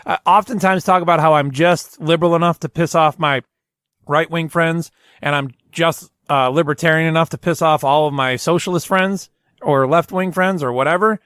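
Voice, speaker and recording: A male podcast host chats loosely, often stopping and restarting his sentences. His voice sits a little high. The sound is dry and close. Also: steady tone, normal speed, a bit bright, clear, resonant tone, dry recording. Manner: rambling, self-interrupting storyteller. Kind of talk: casual chat.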